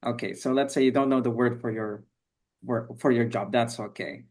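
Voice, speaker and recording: A teacher runs an online English class over a video call, with a voice at a middling pitch. The manner is patient and encouraging, full of quick praise as students answer. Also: fairly even intonation, a little mellow. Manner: encouraging, repeats "okay, very good".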